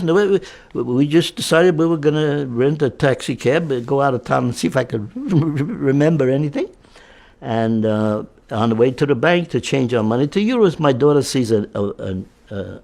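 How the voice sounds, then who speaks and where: An American veteran in his nineties tells his story in a halting, repetitive way. His voice is gravelly and lively, swinging widely in pitch as he relives each moment. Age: 90s. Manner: halting and repetitive, with many restarts and fillers. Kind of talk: personal storytelling in an interview.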